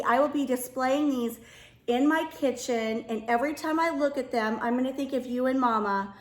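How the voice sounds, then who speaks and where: A woman's voice: on the high side, reverberant. A middle-aged woman vlogging casually to her viewers, gushing and emotional, often calling them "you guys.". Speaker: home decor vlogger. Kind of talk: casual chat to camera.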